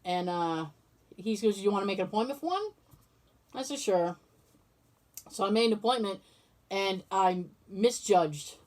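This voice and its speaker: A woman's voice: medium pitch, expressive, normal speed, long pauses, darkish tone. A woman hosting a podcast, casually telling a story and acting out both sides of the conversation, swearing freely. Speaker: podcast host. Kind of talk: casual chat.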